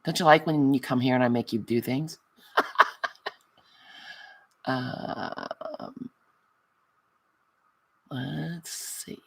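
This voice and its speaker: A woman hosting a craft livestream, chatting casually, reading out viewer comments and answering them with affectionate, giggly warmth. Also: extremely low pitch, extremely slow, vocal fry, pauses often, breathy edge. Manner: affectionate, calls viewers honey; giggly and self-mocking. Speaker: crafting channel host.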